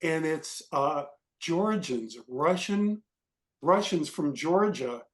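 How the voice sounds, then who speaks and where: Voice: medium pitch, lively intonation, takes it slowly. A panelist speaking on a video call, enthusiastic, emphatic and jokey. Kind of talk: casual chat on a video call.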